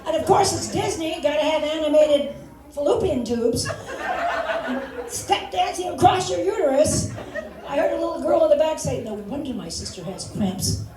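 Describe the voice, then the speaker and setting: An older woman works a comedy stage with a fairly high voice. She tells stories and acts out voices and sound effects. The echoey recording catches her from a distance, like a mic some way off in the room. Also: moderate pace, a crowd in the background, background noise. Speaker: stand-up comic. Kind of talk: stand-up comedy set.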